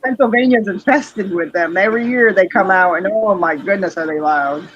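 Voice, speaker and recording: A woman from upstate New York co-hosting a livestream, telling lively stories in casual chat and acting out what people said. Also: medium pitch, normal speed, slightly rough. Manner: animated storyteller, acts out quotes. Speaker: livestream co-host. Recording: dull lo-fi stream audio.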